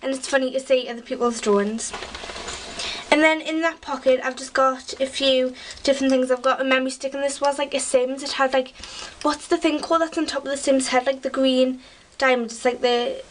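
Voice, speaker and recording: A high, youthful voice from a teenage girl, chatting casually to camera. She rambles, piling up fillers and half-finished thoughts. A faint hiss sits under the home recording. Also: steady tone, brisk, distant mic, low-quality recording. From England. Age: teens. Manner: chatty and rambling, full of "like" and "sort of". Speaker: vlogger. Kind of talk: casual chat.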